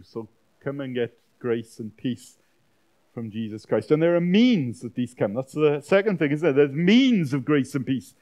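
A man preaching a sermon as a pastor, swinging from loud dramatic outbursts to quiet, intimate lines. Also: medium pitch. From Wales. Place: church weekend-away gathering.

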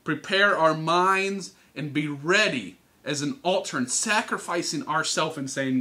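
A man preaching to teens, telling a Bible story with animated, teasing character voices. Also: on the high side, unhurried, hardly any pauses. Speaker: youth speaker. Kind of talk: youth sermon storytelling. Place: church hall.

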